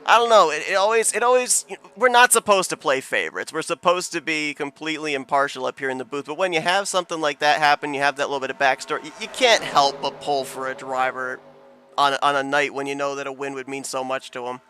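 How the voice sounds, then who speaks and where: Bright-voiced male race commentator. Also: a little high, smooth. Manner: chatty, quick play-by-play with bursts of excitement. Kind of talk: sim racing broadcast commentary.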